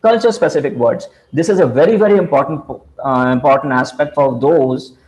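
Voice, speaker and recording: A man delivers a lecture in a somewhat raised register. He speaks haltingly, reaching for words with frequent "you know" fillers and restarted phrases. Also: a little high, a little mellow, poor audio. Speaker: speaker on communication skills.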